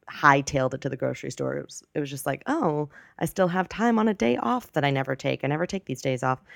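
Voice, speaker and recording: A woman in her twenties telling a story on her podcast in a rambling, self-correcting, chatty way. Her voice is low and gravelly, recorded close on a podcast mic with a dry sound and no room echo. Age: 20s. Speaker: podcast host. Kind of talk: casual storytelling monologue.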